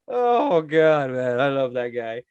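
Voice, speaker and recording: A man co-hosting a podcast in casual, profane chat, laughing often and mocking people with quick impressions. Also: mid-range voice, a little mellow, clear, resonant tone, no room sound, dull audio. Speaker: podcast co-host.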